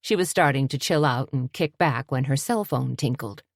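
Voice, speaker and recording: A woman narrating an audiobook in a steady, measured storytelling voice. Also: extremely low pitch, creaky, dry recording, clean studio sound.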